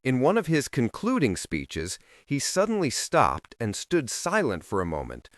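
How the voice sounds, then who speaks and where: A man's voice: mid-range voice, huge pitch swings, unhurried, dry recording, clean studio sound. A man narrating a self-help audiobook in an emphatic, instructional reading style.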